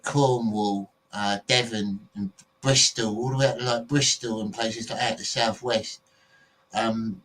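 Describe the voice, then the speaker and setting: A man's voice: medium pitch, low-quality recording. A man with an English accent hosting a podcast, chatting casually to his viewers, rambling off on tangents with plenty of fillers. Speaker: podcast host.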